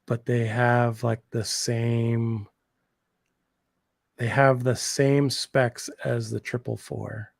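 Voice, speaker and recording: Man, gravelly voice, dry close sound, excitable casual rambling, lots of slang. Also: mid-range voice, slow pace, dry recording. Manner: enthusiastic, rambling, heavy slang and filler "like". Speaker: co-host. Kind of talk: casual chat on a livestream.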